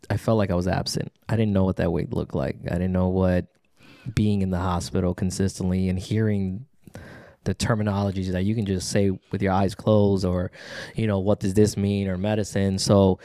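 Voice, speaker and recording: A man's voice: low-pitched, warm tone, no echo, clean studio sound. A man, a pastor, speaking in a heartfelt, affirming way and often agreeing with "yeah". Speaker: pastor and podcast host. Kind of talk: casual conversation.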